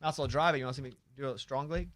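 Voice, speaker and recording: A man's voice: mid-range voice, fairly even intonation, very fast, a bit bright, a little hiss or hum. A man hosting a radio show, bantering playfully with his co-hosts and coaching them along. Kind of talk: casual studio banter. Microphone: studio microphone.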